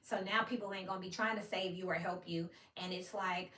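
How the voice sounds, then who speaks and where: A woman's voice: on the low side, a little fast, few pauses. A woman from Memphis, giving a casual tarot reading, blunt and profane, acting out the people she quotes. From Memphis, United States. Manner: blunt, profane, animated, acts out quoted voices. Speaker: tarot reader. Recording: echoey room, mic at a distance, faint hiss.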